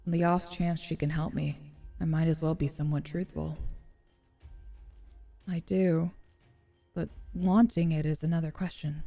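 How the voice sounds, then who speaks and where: A woman streamer reads a story game's narration aloud in a measured, expressive way. Her voice is fairly low and mellow. Faint music plays behind her. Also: in a large hall. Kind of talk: reading game narration aloud with casual asides.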